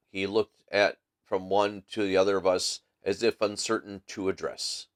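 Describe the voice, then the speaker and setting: A man hosting a live book reading who reads a story aloud in a steady, measured way with the odd small slip. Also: low-pitched.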